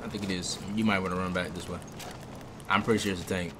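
A man streaming live gameplay, talking casually, excitable and swearing a lot, sometimes making gun-sound noises. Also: low-pitched, fast. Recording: game noise under the voice. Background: loud game sound effects.

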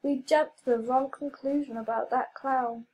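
A woman's voice: high voice, steady tone, darkish tone, lightly acted, low-quality recording. A woman voicing a keen, eager young superhero boy in a children's story. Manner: eager, quick to exclaim.

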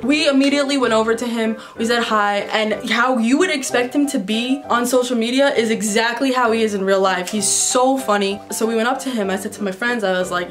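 Talking fast with few pauses, a woman from New York fields viewer questions on her vlog. Her medium-pitched voice carries candid, profanity-laced stories over background music.

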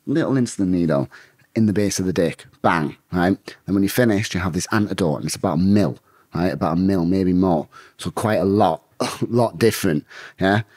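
A man's voice: low voice, a little fast, a little mellow, no room sound, clean studio sound. A man telling a blunt, rambling story full of swearing in a casual interview. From England. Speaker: guest, bare-knuckle fighter.

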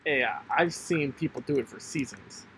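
A man's voice: medium pitch, moderate pace, fairly bright tone, a little hiss or hum, low-quality recording. A man hosting a casual gameplay chat, rambling with lots of fillers, restarts and frequent laughs. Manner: rambling, hesitant, laughs often. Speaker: channel host and player.

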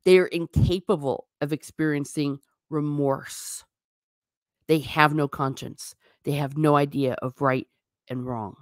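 A woman with a low voice hosts a casual livestream and muses aloud. She reads out viewer comments and now and then slips into a stern teacher tone. The sound is dry, with no room echo. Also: steady tone, a little slow. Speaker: livestream host.

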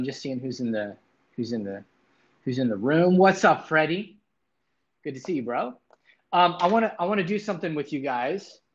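Casual male livestream host, dull sound. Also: fairly high pitch. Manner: loose, chatty, swears casually, greets chatters by name. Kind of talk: casual livestream chat with viewers.

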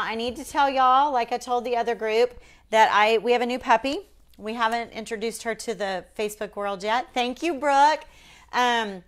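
Chatty woman on a live stream. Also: medium pitch. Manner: chatty, folksy, addresses viewers as y'all. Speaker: furniture painter hosting a live stream. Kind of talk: casual live demonstration chat.

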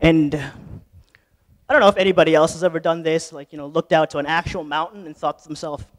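A man's voice: on the high side, fairly even intonation, a little fast. A man giving a sermon, with casual, joking asides that rise into fervent, impassioned preaching. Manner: conversational, joking preaching that builds to impassioned shouting. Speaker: lay preacher. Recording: long church reverb.

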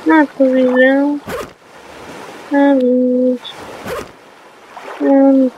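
A woman's voice: sits high, flat delivery, very slow, lo-fi sound, slight background noise. A woman giving casual let's play commentary, reacting to the game with swearing and exclamations on a desk mic. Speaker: gamer. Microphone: desk mic on a stand.

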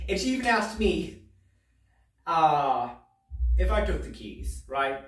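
Rambling, halting man telling a stand-up story. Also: a little high, echoey room, far from the mic, poor audio. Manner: rambling, halting, with many restarts and filler "right?". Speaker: comedian. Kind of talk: home-made stand-up storytelling. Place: home room.

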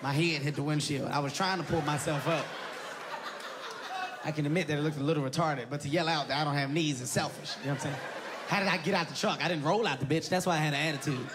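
A man performing a stand-up comedy routine, animated and shouty, jumping into high squeals, on stage before a live audience. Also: quick pace, a crowd in the background. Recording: live show with audience noise.

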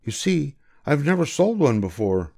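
A man's voice: a little high, big pitch swings, normal speed, vocal fry, a little mellow, no room sound, clean studio sound, voice pushed up. A man voicing a polite, earnest young boy in a storybook reading. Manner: earnest and eager.

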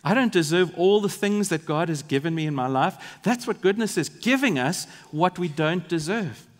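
A South African pastor preaches in a large church, his high-sitting voice carrying lively intonation at a normal speed. He delivers the sermon earnestly and vividly, tossing asides to the congregation. The church hall gives the recording a long reverb.

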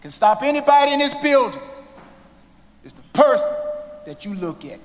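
A man giving an inspirational commencement speech, slow and dramatic, with long pauses and sudden hushed moments. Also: very high-pitched, sing-song, a little hiss or hum. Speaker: commencement speaker. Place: large indoor hall. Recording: long reverb of a large hall.

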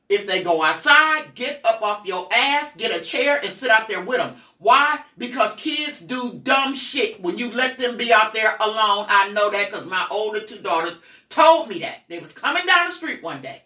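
A middle-aged woman telling personal stories in a blunt, profane, animated way as the host of a candid talk. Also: a little high, a little slow. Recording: roomy echo, mic at a distance.

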